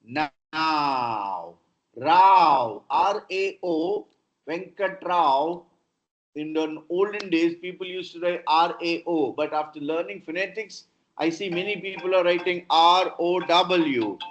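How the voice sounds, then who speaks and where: A man with an Indian English accent lectures on pronunciation over a video call, sounding out word lists one by one. He speaks at a very slow, careful pace in a somewhat high voice. The audio is dull and lo-fi, like a laptop mic. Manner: slow, deliberate modelling of sounds. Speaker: professor teaching pronunciation. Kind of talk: online lecture with word drills. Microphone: computer mic on a video call.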